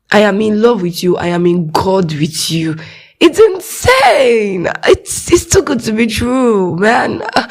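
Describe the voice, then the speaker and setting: A woman's voice: medium pitch, a little mellow. A young woman with a Nigerian accent hosting a casual faith podcast, talking to her listeners alone and acting out small quoted voices, laughing often. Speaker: podcast host.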